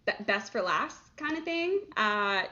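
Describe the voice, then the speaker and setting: A playful woman in her thirties co-hosts a podcast, chiming in with quick joking asides in a mid-pitched voice. The recording sounds slightly dull. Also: big pitch swings, sharp tone. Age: 30s. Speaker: podcast co-host. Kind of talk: casual chat.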